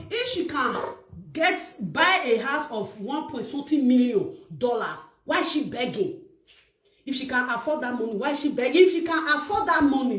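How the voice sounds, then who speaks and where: A woman with a Nigerian accent giving animated, mocking gossip commentary in a vlog, now and then breaking into shouts. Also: sits high, reverberant. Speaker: vlogger commentator.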